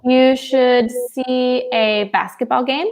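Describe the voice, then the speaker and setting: A woman's voice: sits high, steady tone, a little mellow. A woman co-hosting an English lesson over a video call. She talks thoughtfully and laughs easily. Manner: slow, thoughtful, giggly. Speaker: webinar co-host. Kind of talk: casual online English lesson.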